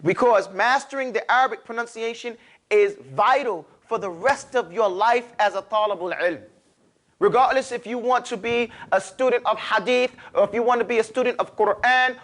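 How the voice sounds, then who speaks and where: Lively New York man teaching a class. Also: high voice. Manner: lively, animated, pushes students to repeat. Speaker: Arabic teacher. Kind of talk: classroom lecture.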